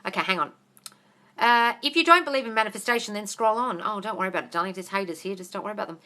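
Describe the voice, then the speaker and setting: A woman answering viewers' questions on a live phone stream, talking fast and bluntly, swearing and calling everyone darling. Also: mid-range voice, sharp tone. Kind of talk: casual live Q&A.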